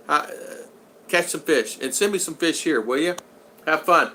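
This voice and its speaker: Bright-voiced man hosting a live chat. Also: fairly high pitch, normal speed, slight background noise. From United States. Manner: chatty, greets viewers by name, reads chat aloud. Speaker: vlogger hosting a live stream. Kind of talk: casual live-chat talk.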